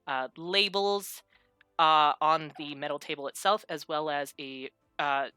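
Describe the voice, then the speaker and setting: A woman's voice: low-pitched, steady tone, a little slow, sharp tone, clear, resonant tone, no echo. A woman narrating as game master, rambling and laughing at herself while chatting with viewers. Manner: rambling, laughing, self-mocking asides.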